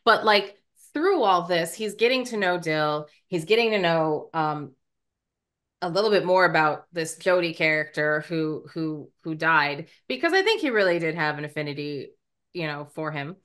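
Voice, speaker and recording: An American woman talks through a film's plot in loose, animated podcast chat. Her voice sits a little low but sounds bright and forward. She laughs easily and slips into the characters' lines as she retells them. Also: normal speed. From United States. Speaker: podcast co-host. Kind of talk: casual movie review chat.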